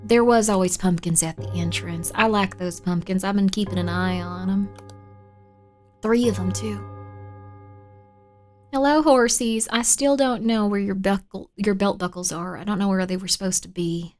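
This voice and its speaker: A woman streaming a spooky game, chatting playfully with viewers, dropping to whispers while searching and bursting into excited shouts. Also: mid-range voice, moderate pace, soft background music. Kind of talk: casual live-stream gaming chat.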